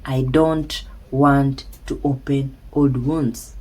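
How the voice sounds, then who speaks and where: A woman speaking slowly and emphatically as a self-help speaker, with dramatic pauses and hushed asides. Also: extremely low pitch, steady tone, low-quality recording. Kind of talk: slow reflective monologue.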